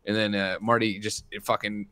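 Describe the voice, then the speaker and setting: A young adult man co-hosting a podcast, recapping a film in a rambling, animated way with lots of fillers. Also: fairly low pitch, brisk, clear, resonant tone, no echo. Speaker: podcast co-host. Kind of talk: casual chat recapping a film.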